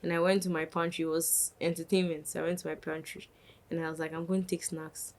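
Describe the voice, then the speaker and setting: A woman's voice: low-pitched, fast talker. Young woman telling a story. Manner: animated, acts out quotes of others. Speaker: podcast guest, dancer. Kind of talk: casual storytelling.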